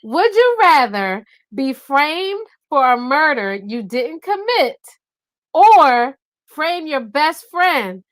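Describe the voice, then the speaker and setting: Animated woman co-host, high and lively. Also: takes it slowly, dry recording, low-quality recording. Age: adult parent. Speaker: podcast co-host. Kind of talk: casual chat.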